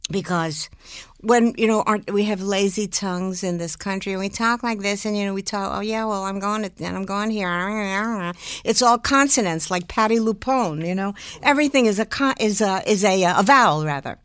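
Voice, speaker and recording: Animated older woman telling showbiz stories. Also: mid-range voice, a little fast, no room sound. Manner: animated, laughs often, slips into impressions. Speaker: impressionist and singer, guest. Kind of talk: lively storytelling in a talk interview.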